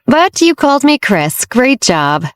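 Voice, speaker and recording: A woman's voice: high-pitched, sing-song, a little slow, no echo, pitched above the performer's own voice. A woman narrator voicing a confident, teasing young man, the wealthy heir in a romance audiobook, read in a dry, close recording. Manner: playful, teasing.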